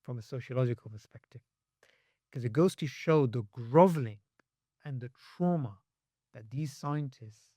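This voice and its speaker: A man on a podcast as a guest, talking with animation and acting out quoted voices with sharp jumps in pitch. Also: moderate pace, long pauses, dry recording. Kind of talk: podcast conversation.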